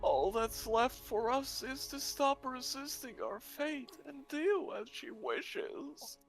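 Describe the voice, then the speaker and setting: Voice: high-pitched, faint music behind. An actor voicing a broken, hopeless inner voice that urges surrender to fate. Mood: resigned. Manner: flat, defeated and slow.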